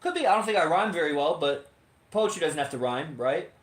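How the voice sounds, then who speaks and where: A man's voice: on the high side, expressive, a little fast. A man co-hosting a podcast, talking in a rambling, profane, casual livestream monologue full of fillers, from his home. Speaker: podcast co-host. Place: home in Las Vegas. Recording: roomy echo.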